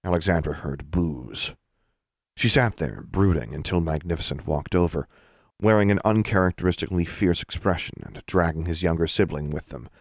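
A man narrating a story in a measured, expressive way, recorded on a close mic. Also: sits low, gravelly, breathy edge, no echo. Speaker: audiobook narrator.

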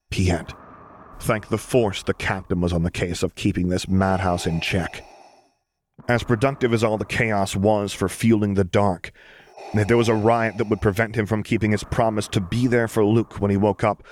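Low-voiced male story reader. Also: slight background noise. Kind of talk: audiobook fan-fiction reading.

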